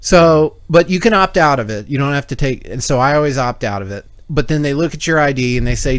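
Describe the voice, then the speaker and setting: A man's voice: mid-range voice, normal speed. A man in his usual mid-range voice tells a long, rambling story on a call-in talk show. He swears freely and acts out both sides of conversations as he goes. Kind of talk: casual chat.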